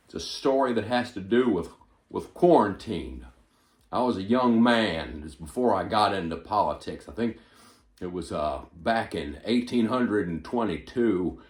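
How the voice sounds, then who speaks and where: A male comedian doing an impression of a rambling, forgetful elderly male politician, stumbling over repeated words with sudden loud bursts. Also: lowish voice, expressive, a little slow, reverberant. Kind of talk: stand-up impression monologue.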